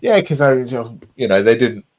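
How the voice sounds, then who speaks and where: A man's voice: mid-range voice, very animated, normal speed, crowd noise, rough recording. A man chatting casually, rambling and repeating himself, swearing often. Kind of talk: casual chat.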